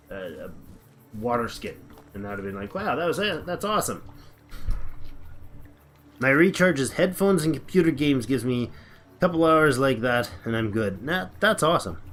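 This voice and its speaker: A man's voice: mid-range voice, a bit bright. A man casually chatting on a livestream while playing a game, rambling and thinking aloud as he reads the chat. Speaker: game streamer.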